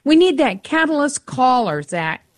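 Woman co-hosting a radio fundraiser, slow easy talk, higher voice, thanking callers. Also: sing-song. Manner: unhurried, reads donor thanks, says numbers slowly.

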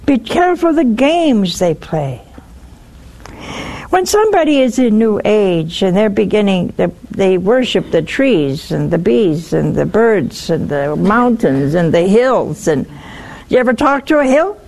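A woman hosting a religious call-in show, teaching with lively storytelling and acted-out little dialogues. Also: mid-range voice, a little slow, vocal fry. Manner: animated storytelling, acts out dialogues. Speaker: host.

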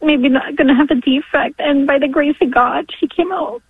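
A woman in her forties calling in to a radio show, tearful and halting as she gives an emotional testimony. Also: high voice, slight background noise. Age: 40s. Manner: halting, with apologetic laughs. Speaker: caller. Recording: dry tinny phone line.

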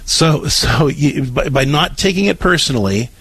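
A middle-aged man giving calm, patient advice to a caller on his radio show. His voice is a little husky, and it sounds dry and close to the mic. He often repeats a word as he starts a new phrase. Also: on the high side, moderate pace, no echo, rough recording. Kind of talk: call-in advice.

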